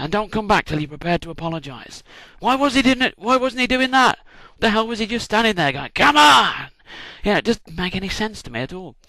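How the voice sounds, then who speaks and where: Lively irreverent man telling a comic story. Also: on the high side, no room sound. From United Kingdom. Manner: irreverent, swearing, acts out shouted cheers. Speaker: vlogger.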